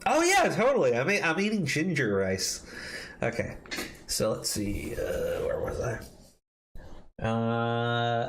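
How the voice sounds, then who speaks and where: A man's voice: a little high, very animated, measured pace, a bit bright, poor audio. A man hosting a commentary show, reading a post aloud with mocking emphasis, swearing and laughing asides.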